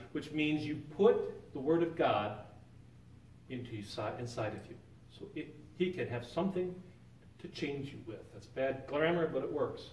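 A man's voice: medium pitch, a little hiss or hum. A man teaching an informal Bible lesson in a church sanctuary, talking conversationally and quizzing his class with questions. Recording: roomy echo, picked up from a distance.

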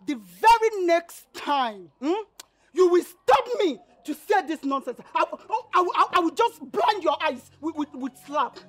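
A woman's voice: very high voice, animated, a little slow. An actress with a Nigerian accent playing a fiery young village woman who scolds and insults a pushy suitor. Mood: angry.

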